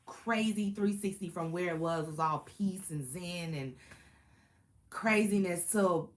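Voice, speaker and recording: A woman, chatting casually to camera about her Marine days, animated and full of slang and laughter. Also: on the low side, unhurried. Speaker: Marine veteran vlogger.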